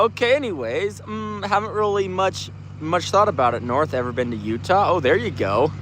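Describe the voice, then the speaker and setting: A young man casually chatting on a livestream at night outdoors, reading viewer comments in a relaxed, slangy way. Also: sits high, moderate pace, few pauses, soft background music. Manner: laid-back, slangy, reads comments aloud. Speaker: livestream host reading chat. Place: outdoors at night on a work site.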